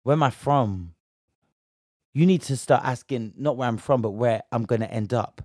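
A man's voice: medium pitch, normal speed, a little mellow, dry recording, clean studio sound. A young British man from Bristol giving a heated, slang-filled commentary rant, indignant and emphatic. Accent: British English. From Bristol, England.

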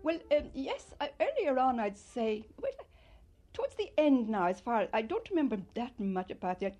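Older woman reminiscing, lively pitch. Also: moderate pace, highs cut off, faint music behind. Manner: fond, animated storytelling with loud mimicry. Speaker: interviewee. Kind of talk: reminiscing interview.

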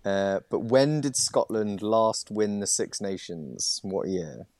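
A man's voice: on the low side, lively intonation, takes it slowly, darkish tone, no echo. A man hosting a casual sports podcast, chatty and laughing often, reading out quiz questions with plenty of ums. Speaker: podcast host and quizmaster.

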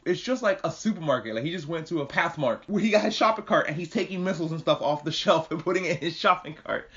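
Man, podcast host, casual recap, swears a lot, rambles, voice a bit high, dull lo-fi sound. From New York. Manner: profane, animated, rambling commentary. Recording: muffled lo-fi recording.

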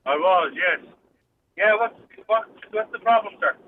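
A man's voice: high-pitched, animated, unhurried. A man on a phone call from a parked car, politely but anxiously denying an accusation. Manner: polite but flustered denials. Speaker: prank call target. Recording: tinny phone line with faint hiss.

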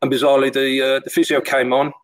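A man's voice: medium pitch, level tone, fast, dry recording, low-quality recording. A middle-aged man, a former goalkeeper, telling stories casually with lots of fillers and restarts. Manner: rambling, full of fillers and restarts. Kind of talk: casual storytelling.

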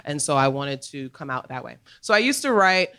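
A woman guest in a live podcast interview on a comedy club stage, talking in an animated, emphatic way with quick laughs. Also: low-pitched, clean tone.

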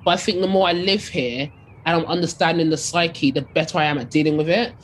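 Chatty young Essex woman, lively storyteller. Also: sits low, brisk, a little hiss or hum. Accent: Essex English. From England. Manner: animated, chatty, many fillers like "like". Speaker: DJ and radio host. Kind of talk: casual storytelling interview.

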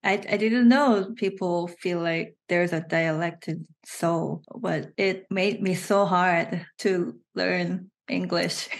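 A woman with a Korean accent, a native Korean speaker, chatting as an interview guest, with halting restarts and frequent laughter. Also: medium pitch. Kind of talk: casual interview chat.

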